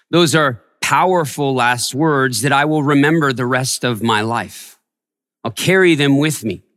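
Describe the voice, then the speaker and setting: Slow-speaking pastor, echoing hall. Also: male voice, medium pitch. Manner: storytelling, softening to a hush in tender moments. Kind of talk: sermon. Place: church sanctuary.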